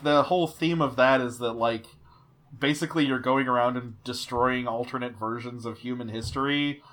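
A man's voice: mid-range voice, a bit bright. A man co-hosting a podcast, chatting casually and animatedly, often acting out lines he quotes. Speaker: podcast co-host. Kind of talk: casual chat.

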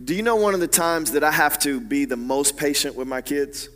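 Man, pastor, sermon, bright and forceful voice, long hall echo. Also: fairly high pitch, a little fast. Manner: animated preaching with big swings from hushed to loud.

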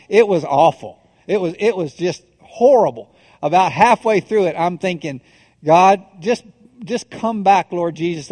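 A middle-aged man preaching from the pulpit, his voice sitting a little high for a man. He tells jokes at his own expense with stops and restarts, then slows into grave, deliberate phrasing. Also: a little mellow. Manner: self-deprecating storyteller, halting restarts, then measured solemn delivery. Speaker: pastor. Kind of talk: sermon with humorous stories.

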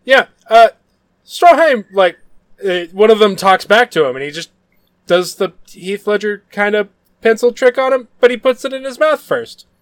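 A man's voice: high-pitched, lively intonation, moderate pace, no echo. A man co-hosting a casual podcast, jokey with sarcastic asides. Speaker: podcast co-host. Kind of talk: casual chat.

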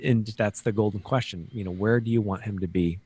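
Low-voiced, reflective male co-host. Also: a little fast, warm tone, husky. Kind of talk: casual faith talk.

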